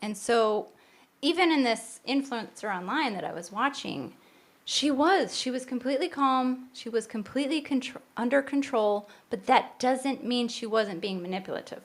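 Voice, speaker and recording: A woman's voice: a little high, normal speed. Earnest woman co-hosting a parenting podcast. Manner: earnest, explains at length with restarts. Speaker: podcast co-host. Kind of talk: casual podcast conversation.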